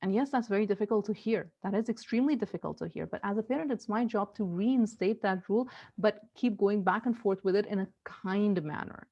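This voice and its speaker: A woman's voice: medium pitch, fairly quick, few pauses, warm tone, highs cut off. A woman giving earnest parenting advice in casual talk, often repeating herself and restarting her sentences. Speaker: parenting coach.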